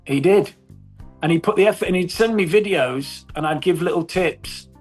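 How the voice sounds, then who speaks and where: A man's voice: sits high, normal speed, faint music behind. A middle-aged man in a casual interview, telling stories with animation, swearing and laughing often. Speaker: actor guest.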